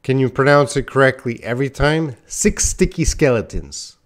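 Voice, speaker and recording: A man's voice: mid-range voice, expressive, normal speed. A man giving a casual live-stream lesson, chatting to viewers by name and laughing at his own slips. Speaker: English teacher.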